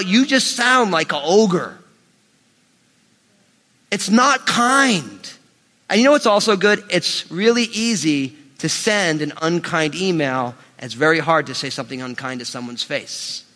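A man preaching a sermon as pastor, animated and emphatic, swinging between loud rises and quiet drops. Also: sits high. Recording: long hall reverb.

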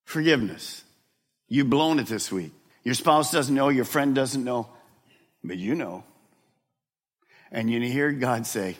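A middle-aged man preaching a sermon as a pastor, swinging between hushed asides and shouted emphasis. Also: mid-range voice, lively intonation, measured pace, pauses often. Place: large church hall. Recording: long hall reverb.

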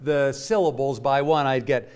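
A man's voice: medium pitch, fairly even intonation, normal speed. A man giving a classroom lecture to a live audience, explaining in a chatty way and walking listeners through examples. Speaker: music lecturer.

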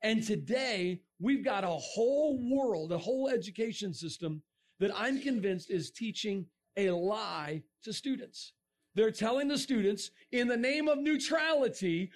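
A middle-aged man giving a lively creationist talk to a young audience, joking and asking the crowd questions. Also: sits high, a little slow. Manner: animated, asks the crowd questions, jokes. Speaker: creationist speaker.

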